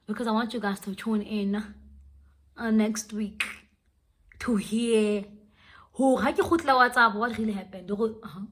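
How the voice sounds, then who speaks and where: A woman's voice: mid-range voice, steady tone, a little slow, long pauses. A young woman telling a dramatic storytime vlog, switching languages as she goes. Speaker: vlogger. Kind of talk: storytime vlog, casual chat.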